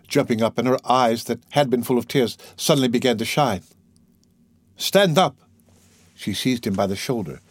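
A man's voice: fairly low pitch, a little mellow, no room sound. Man narrating a classic novel. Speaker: audiobook narrator. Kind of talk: scripted narration.

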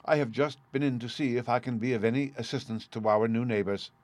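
A man's voice: medium pitch, steady tone, fast, a little mellow, dry recording, close to an everyday voice. A man voicing a nervous young wife with a faltering, breathless manner, in a dry close recording. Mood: forced bright.

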